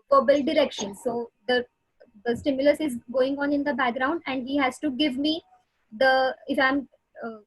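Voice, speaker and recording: A woman's voice: sits high, no echo, low-quality recording. A woman speech therapist giving a webinar lecture over a video call, explaining patiently with many fillers and restarts. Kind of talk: webinar lecture answering questions.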